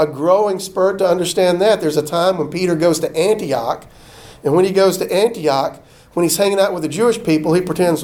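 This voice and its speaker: A man preaching, his voice sitting high for a man. He is folksy and animated and acts out the lines of the people he quotes. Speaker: pastor. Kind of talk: sermon.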